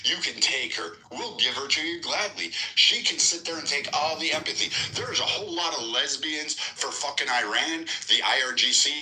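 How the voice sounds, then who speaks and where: Male stream host, aggressive profane rant, sharp bright voice. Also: on the high side, low-quality recording. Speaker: political live-stream host. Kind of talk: heated profane political rant.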